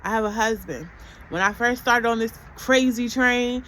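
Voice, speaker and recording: Chatty woman with a higher voice. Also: normal speed, sharp tone, rough recording. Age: adult mother. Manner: chatty, conversational, asks rhetorical questions. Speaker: vlogger. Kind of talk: casual spiritual self-help talk.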